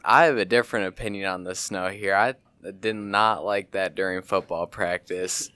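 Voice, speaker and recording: A man's voice: low-pitched, steady tone, moderate pace, pushed and bright, clear, resonant tone, dry recording. A teenage boy chatting as a podcast guest in an easygoing, matter-of-fact way. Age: teens. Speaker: guest, football player. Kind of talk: casual chat.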